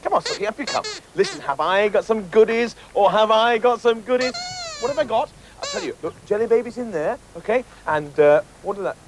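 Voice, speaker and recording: A man hosts a children's comedy, coaxing and chatting to his puppet pals. His pitch rises and falls in a lively way. A noisy background sits behind him. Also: brisk. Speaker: host and puppeteer.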